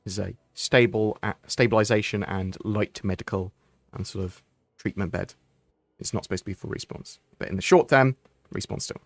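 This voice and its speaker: A man with a fairly low voice hosts a casual livestream, reading and answering chat questions from a home setup. He rambles in a friendly, chatty way, restarting sentences and filling gaps with ums. The sound is close and dry, with no room echo. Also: fairly even intonation, normal speed, vocal fry.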